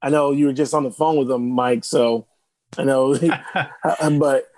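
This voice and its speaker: A man's voice: medium pitch, fairly even intonation, measured pace, darkish tone. A man co-hosting a podcast, chatting casually with rambling restarts. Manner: rambling, restarts, easy laughter. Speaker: podcast co-host. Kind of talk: casual chat.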